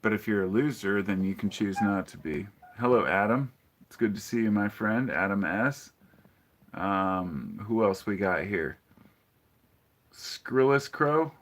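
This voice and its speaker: A man's voice: on the low side, expressive, measured pace, a bit bright, a little hiss or hum. A man hosting a casual live-stream podcast, rambling and opinionated as he greets viewers and answers their chat messages. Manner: opinionated, frequent ums and restarts.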